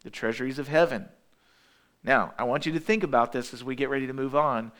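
A man preaching a sermon as pastor, walking through Bible verses one by one and acting out quoted voices with sudden high bursts. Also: brisk, fairly bright tone.

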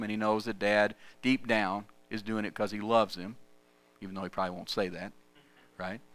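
A middle-aged man preaching a sermon, mixing scripture with lively, conversational personal stories. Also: lowish voice. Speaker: pastor.

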